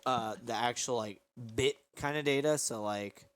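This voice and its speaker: A man's voice: medium pitch, normal speed, clean tone. A young man hosting a casual stream from his bedroom on a headset, explaining his code in a loose, rambling way. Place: home bedroom.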